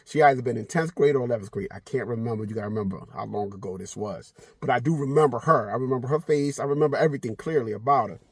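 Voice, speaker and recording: Middle-aged male vlogger, husky and lively, swears freely, storytelling, dry close sound. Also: mid-range voice, fast, hardly any pauses, dry recording. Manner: animated, swears freely, slips into voices of people in his story. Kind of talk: casual storytelling to camera.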